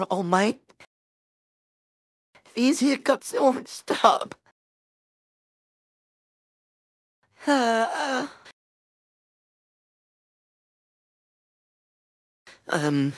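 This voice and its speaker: A woman's voice: fairly low pitch, no room sound, clean studio sound, full character voice. A woman voicing a flustered teenage boy hero-in-training, rambling anxiously and talking himself up in a listener role-play. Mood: frustrated. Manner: rambling, anxious, self-encouraging.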